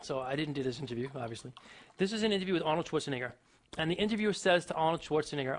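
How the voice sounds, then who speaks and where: Fast-talking, emphatic motivational speaker man. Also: expressive. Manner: emphatic, rhetorical questions, big swings in pitch and loudness. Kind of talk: motivational talk to an audience.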